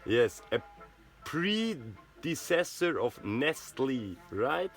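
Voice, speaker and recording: A man's voice: mid-range voice, sing-song, very slow, faint music behind. A man from Switzerland, a native Swiss German speaker, talking in English with a Swiss German accent. His monologue rambles, and he keeps tagging his sentences with "you know" and "right?".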